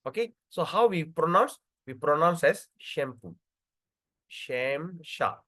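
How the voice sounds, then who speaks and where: Lively man teaching a scripture class. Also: on the high side. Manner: lively, repeats words and checks in with "okay" and "right"; spells out pronunciation slowly.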